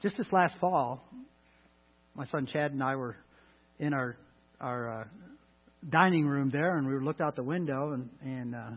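A middle-aged man pastor telling a folksy, halting personal story in his sermon, voicing people with raised shouts. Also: medium pitch. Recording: echoey hall, phone-like sound.

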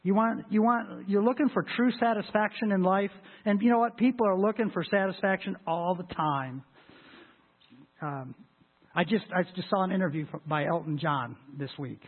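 A man preaching a sermon as pastor, with a husky voice and an emphatic delivery that swells loud and high on scripture. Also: moderate pace. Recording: tinny lo-fi phone-like sound.

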